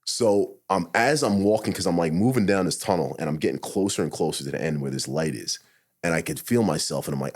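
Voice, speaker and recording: Husky, fast-talking profane man. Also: deep voice. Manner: profane, animated, retells his own thoughts as quotes. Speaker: podcast guest, retired SWAT officer. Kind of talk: candid storytelling in a podcast interview.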